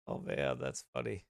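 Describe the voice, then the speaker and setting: A man's voice: deep voice, gravelly, no room sound. A man preaching a fiery sermon as pastor, with mocking, sarcastic asides.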